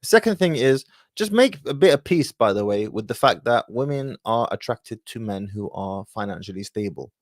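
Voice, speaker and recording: A man's voice: fairly low pitch, expressive, normal speed, hardly any pauses, dry recording, clean studio sound. A man hosting an advice call-in show, speaking confidently and directly, with Arabic phrases mixed in. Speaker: host.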